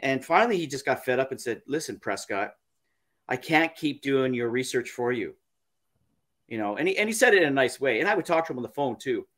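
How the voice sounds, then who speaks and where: A man, a podcast guest, telling a story in a halting, casual way, repeating words and using many fillers. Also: mid-range voice, a bit bright.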